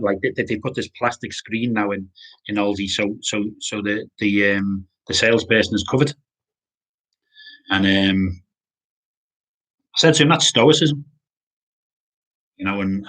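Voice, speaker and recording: A man giving an informal sermon, halting with many restarts and repeated words. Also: lowish voice, fairly bright tone, breathy edge. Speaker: pastor.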